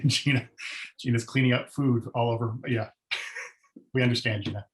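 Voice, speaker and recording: A man hosting a webinar over a video call, speaking haltingly with many fillers and open enthusiasm. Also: mid-range voice, steady tone, low-quality recording. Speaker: webinar host and moderator. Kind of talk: moderating a webinar Q&A.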